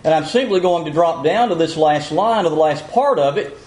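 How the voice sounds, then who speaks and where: A man preaching a sermon, asking rhetorical questions and reading scripture aloud slowly and deliberately. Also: on the high side, lively intonation, a little mellow, rough recording.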